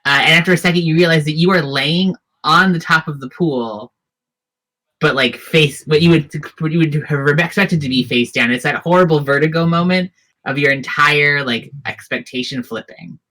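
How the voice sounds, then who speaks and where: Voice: mid-range voice, normal speed, bright, forceful tone. A game master narrating a tabletop role-playing scene in detail, with frequent fillers and restarts. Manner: descriptive, hesitant with fillers.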